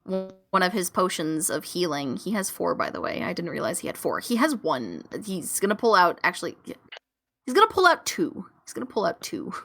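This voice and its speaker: A young woman playing a tabletop game, describing her character's actions slowly and haltingly. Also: on the low side, big pitch swings, vocal fry, sharp tone, low-quality recording. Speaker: player. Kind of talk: casual tabletop gaming chat.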